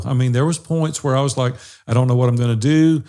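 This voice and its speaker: This man speaks quickly in a steady, medium-pitched voice that's clear and resonant. Co-hosting a business brotherhood podcast, he tells stories like a warm, folksy storyteller, dropping phrases like "y'all" and "fixing to" in easygoing chat.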